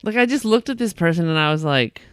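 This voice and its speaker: A man's voice: on the high side, lively intonation, fast, a bit bright, clear, resonant tone. A man appearing as a podcast guest, mostly giving short reactions and wry asides. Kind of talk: casual conversation.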